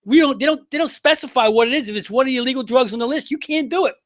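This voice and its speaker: A man's voice: very high-pitched, rapid-fire, fairly bright tone, no room sound, studio quality. A middle-aged man co-hosting a casual sports chat, emphatic and repetitive, laughing often. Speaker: co-host.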